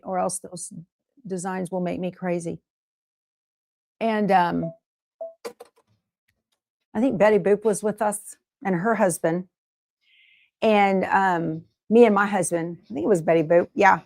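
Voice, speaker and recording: A woman's voice: medium pitch, slow pace, gravelly, long pauses, a little mellow, dry recording. A middle-aged woman hosting a casual sewing livestream, chatting, laughing often and reading viewer comments aloud. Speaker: sewing show host.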